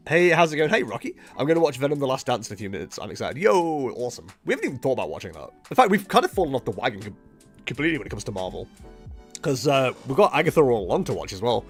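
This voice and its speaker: Chatty, lively-voiced male streamer. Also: mid-range voice. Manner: chatty, rambling, self-mocking. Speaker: streamer playing a card game. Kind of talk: casual live-stream commentary. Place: at home.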